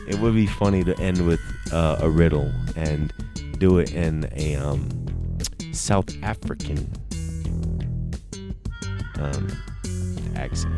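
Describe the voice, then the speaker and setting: A man's voice: low-pitched, expressive, takes it slowly, long pauses, a little mellow, clear, resonant tone, faint music behind. A man hosting his own show, telling a rambling, self-mocking story with many hesitations. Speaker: podcast host. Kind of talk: casual storytelling monologue.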